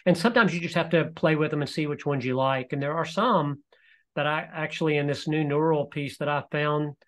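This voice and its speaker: Man with a slightly high voice, demoing software on a webinar call, easygoing, explains step by step with plenty of ums. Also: fairly quick. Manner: relaxed, explanatory, with frequent fillers. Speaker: presenter demonstrating e-learning software. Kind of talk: live webinar software demo.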